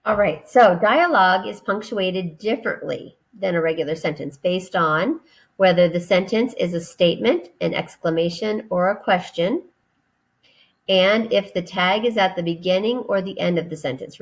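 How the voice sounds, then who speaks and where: A woman teacher giving a recorded grammar lesson to children, patient and deliberate as she spells out each step. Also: on the low side.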